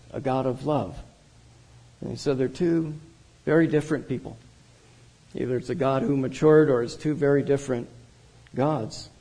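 A man's voice: medium pitch, mellow, rough recording. A man, a pastor, preaching a sermon in an earnest, explanatory way. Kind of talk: sermon with reading aloud.

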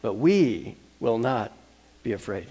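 Brief: a male pastor preaching casually, with repeated words and quiet emphatic endings. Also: mid-range voice, expressive, slow, slightly rough. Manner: conversational, repeats words, drops to soft emphasis. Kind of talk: sermon.

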